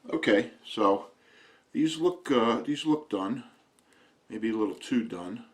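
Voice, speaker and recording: A man's voice: fairly low pitch, expressive, slow pace. A man giving a plainspoken, easygoing product review at home, chatting casually to the camera.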